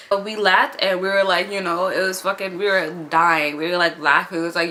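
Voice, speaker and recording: A woman in her twenties telling a casual storytime, animated and profane, laughing often. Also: lowish voice, brisk, hardly any pauses.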